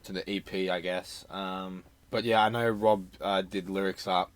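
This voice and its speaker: Flat in delivery and low in pitch, a young man speaks at normal speed while co-hosting a casual podcast album review. Hesitation marks his talk, with many "um"s and "uh"s filling the gaps between thoughts.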